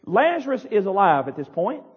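A man with a strikingly high, husky voice preaches a fiery sermon from the pulpit, crying out with force. The sound is dull and lo-fi, with a long reverb trailing through the church hall. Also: sing-song, normal speed. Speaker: pastor. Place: church sanctuary.

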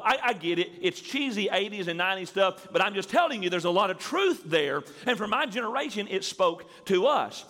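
A man's voice: high voice, animated, brisk, hardly any pauses, fairly bright tone. A man preaching a sermon as pastor to a church congregation, building emphasis and stretching key words. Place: church sanctuary before a congregation. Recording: reverberant sanctuary hall.

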